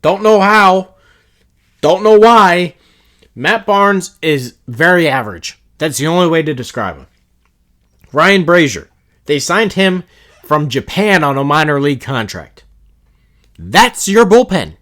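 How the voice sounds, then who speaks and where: A man with a slightly higher-than-average voice talks alone into the mic as a podcast host. He rants in a blunt, profane, exasperated way, loose and conversational. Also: big pitch swings, a little slow, bright, forceful tone. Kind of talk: solo podcast rant.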